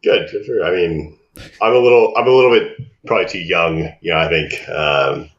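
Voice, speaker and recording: Deadpan low-voiced man in his thirties. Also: brisk, lo-fi sound. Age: 30s. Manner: dry, deadpan quips. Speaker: podcast co-host. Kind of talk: casual podcast chat.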